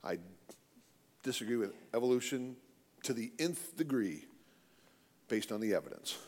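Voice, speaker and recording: A man's voice: mid-range voice, animated, normal speed, a little mellow, in a large hall. A man giving a live talk, mocking with sarcastic repetition.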